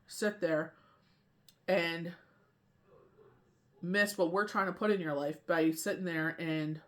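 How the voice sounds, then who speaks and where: A tarot reader and medium in a casual spiritual talk, rambling and often asking "you know what I mean". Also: mid-range voice.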